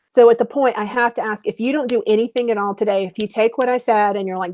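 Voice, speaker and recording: A middle-aged woman business coach giving an upbeat, chatty webinar sales pitch, speaking straight to her viewers. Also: fairly even intonation, brisk, darkish tone, slight background noise.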